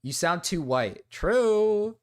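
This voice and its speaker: A young man talks casually on a live stream, getting defensive and swinging between quiet mumbling and loud protest. His delivery is slow and expressive.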